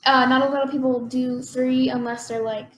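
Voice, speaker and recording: A woman's voice: sits high, flat delivery, normal speed. A woman co-hosting a podcast, explaining hesitantly and filling her sentences with "like". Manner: hesitant, heavy use of "like". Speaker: podcast co-host. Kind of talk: casual podcast chat. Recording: roomy echo with faint background hum.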